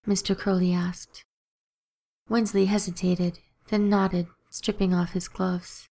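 A woman narrating an audiobook in a steady, even storytelling manner. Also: on the low side, slow, creaky.

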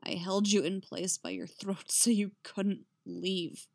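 A woman voicing a grim, terse male witcher who speaks low and dark in clipped lines. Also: slow, creaky, no echo, studio quality. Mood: bitter.

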